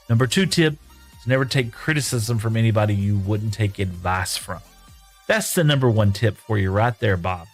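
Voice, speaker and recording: A man streaming live from his home room, reading viewer chat aloud and answering in a folksy, rambling way. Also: lowish voice.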